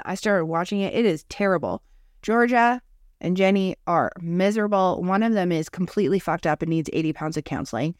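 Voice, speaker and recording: Blunt young woman podcaster w a lowish voice, swears a bit. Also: expressive, brisk, dry recording, studio quality. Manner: blunt, opinionated, swears casually. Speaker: podcast co-host. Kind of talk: casual chat.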